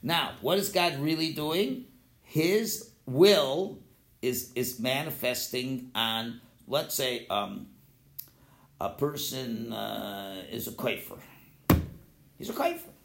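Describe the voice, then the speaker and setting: A man teaching an informal Torah philosophy class, lively and conversational, acting out quoted voices and often restarting his sentences. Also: medium pitch, takes it slowly, gravelly, very noisy. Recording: roomy echo.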